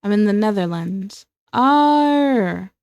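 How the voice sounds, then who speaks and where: Slow, gravelly-voiced American woman streamer. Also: mid-range voice, animated, a little mellow, dry recording. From United States. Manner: rambling, self-mocking, repeats words. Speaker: streamer drawing live. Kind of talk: casual stream chat while drawing.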